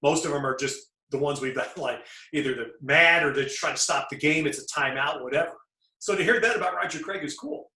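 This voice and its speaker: A man hosting a sports talk show, trading baseball stories in an animated way and laughing often. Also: on the high side. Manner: animated, laughing, quick to jump into his own story. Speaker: sports broadcaster host. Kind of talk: conversational storytelling in a talk show. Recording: echoey room.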